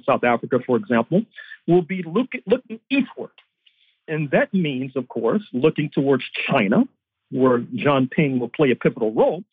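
A man's voice: sits high, breathy edge, no room sound. A man, a history professor, giving political analysis as a guest in long, lecturing historical arguments. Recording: tinny phone-line audio.

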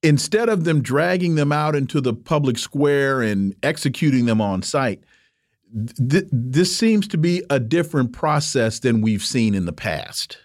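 A man co-hosting a talk show, his voice of middle pitch. He lays out a question step by step at a measured pace. The sound is dry and close. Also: animated, no room sound. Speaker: radio show co-host. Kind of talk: interview questions.

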